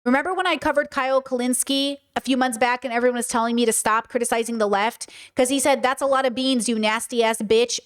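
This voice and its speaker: A woman's voice: on the high side, fairly even intonation, fast talker, hardly any pauses, smooth. A woman streaming live commentary, talking passionately and emphatically and answering her chat.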